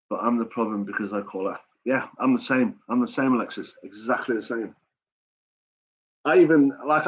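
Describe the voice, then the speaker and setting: A man's voice: medium pitch, slightly rough. A man hosting a live chat stream, talking casually in a blunt, sweary and rambling way. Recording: dull lo-fi stream audio.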